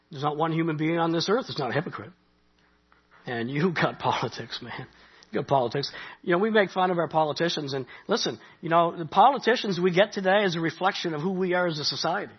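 A man's voice: a little high, slightly rough, dull audio. A middle-aged man from Canada preaching a sermon, talking conversationally with asides and rising animation. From Nova Scotia, Canada. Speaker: pastor.

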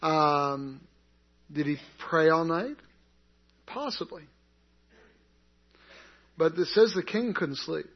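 A man's voice: on the high side, animated, takes it slowly, long pauses. A man teaching an interactive Bible class in a conversational way, asking the group questions and answering them himself. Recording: dull lo-fi recording.

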